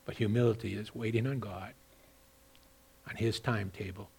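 A man preaching a sermon as a pastor, moving between loud, emphatic exhortation and quieter personal storytelling with repeated words. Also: fairly low pitch, steady tone, moderate pace, creaky, slightly rough. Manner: repeats and restarts words when telling a story.

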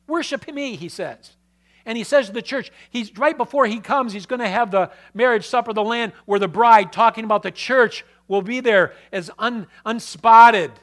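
A man preaching a sermon in a notably high voice. He reads scripture, then turns to the congregation with questions, swinging between loud emphasis and a low, quiet delivery. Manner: reads scripture aloud, with restarts. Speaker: pastor.

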